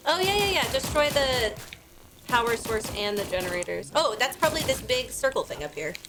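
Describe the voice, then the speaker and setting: A woman's voice: on the high side, big pitch swings, music in the background. A woman hosting a casual gaming livestream, laughing often as she chats with friends. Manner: giggly, quick to laugh. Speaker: livestream host.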